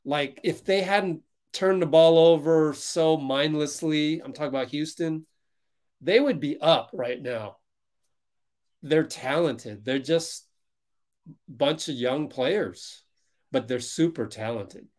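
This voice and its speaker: Excitable man calling a basketball game live. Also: a little high, takes it slowly. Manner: excitable, reacting loudly to plays and reading chat. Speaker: fan livestream host. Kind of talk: live basketball watch-along commentary.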